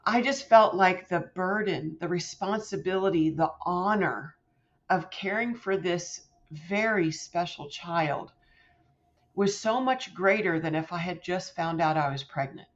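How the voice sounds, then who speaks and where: A middle-aged woman, a podcast guest, telling a personal story in an animated way and acting out quoted voices with big jumps in pitch. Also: a little slow. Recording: slightly muffled lo-fi sound.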